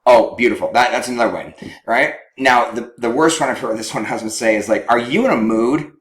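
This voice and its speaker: Fairly quick and fairly bright, a medium-pitched male voice delivers a lesson on communication between partners. The speaker is a counselor who teaches conversationally and keeps checking in with listeners, recorded with an echoey, roomy sound.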